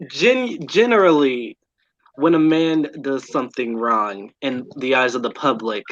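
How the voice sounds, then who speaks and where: A man on a discussion panel who speaks haltingly and often restarts his sentences. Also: medium pitch. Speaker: panel guest. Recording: muffled lo-fi audio.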